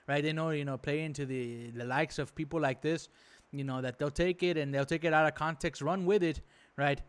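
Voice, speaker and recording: A man's voice: fairly high pitch, smooth. Exasperated swearing man ranting. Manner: indignant, exasperated, swears freely; rambling with many fillers. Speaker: reaction video host. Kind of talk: profane casual reaction commentary.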